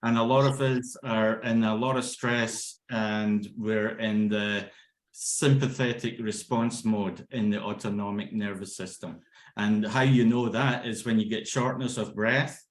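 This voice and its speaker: Energetic man leading laughter yoga, roomy echo. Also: fairly low pitch, unhurried. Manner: energetic, chants ho-ho-ha-ha-ha and laughs aloud; keeps checking in with "okay?" and "yeah?". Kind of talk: instructional talk with demonstrations. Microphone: video call. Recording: roomy echo on a video call.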